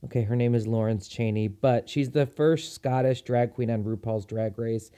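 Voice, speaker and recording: Podcast guy rambling happily, warm dark voice, lots of ums. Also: medium pitch, steady tone, moderate pace, smooth. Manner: chatty and enthusiastic, frequent ums. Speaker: podcast host. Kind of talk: casual solo podcast chat.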